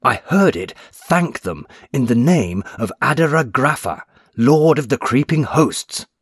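A man's voice: mid-range voice, animated, a little slow, breathy edge, no echo, clean studio sound, pitched above the performer's own voice. A man reading aloud voices a frightened middle-aged businessman who talks in raised, breathless urgency. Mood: frightened, urgent.

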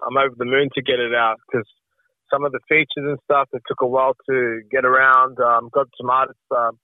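A man's voice: mid-range voice, fairly quick, no echo. Man on a tinny phone line. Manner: relaxed, many ums, says mate. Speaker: guest rapper. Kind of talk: casual interview.

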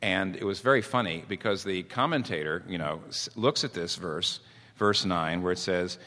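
A man preaching a sermon as pastor, earnest and animated, acting out little stories as he goes. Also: deep voice, moderate pace, big-room sound.

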